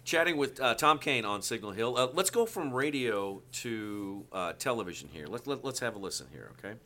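A man's voice: medium pitch, animated, fairly quick, sharp tone, a little hiss or hum. A man hosting a radio interview, asking brief questions and introducing segments. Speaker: radio host.

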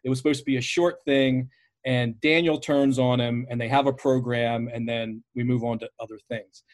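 Guy hosting a podcast, middle pitch, meandering questions full of uhs. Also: steady tone, moderate pace. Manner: rambling, hesitant questions with many fillers. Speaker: podcast host. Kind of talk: casual interview chat.

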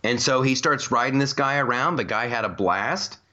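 A man's voice: medium pitch, moderate pace, sharp tone, muffled recording. A man hosting a casual, comedic podcast chat, rambling through stories with many restarts and laughs. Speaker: podcast host.

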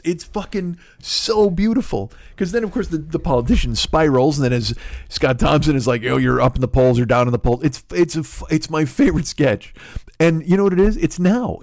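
A man's voice: a little high, dry recording, studio quality. A man in his forties ranting and telling stories on a comedy podcast, profane, sarcastic and rambling. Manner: animated storytelling. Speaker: podcast host.

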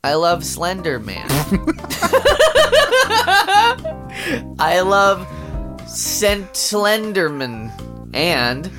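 A man's voice: fairly high pitch, lively intonation, extremely slow, over music. A man co-hosting a casual comedy podcast, swearing freely, giggling and mocking himself. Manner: crude, giggly, self-mocking. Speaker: podcast co-host.

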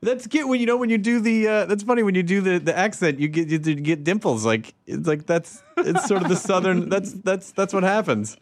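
A man from the American South hosting a casual chat, playful and quick to laugh. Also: high voice. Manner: playful, laughs often, slips into silly voices. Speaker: host.

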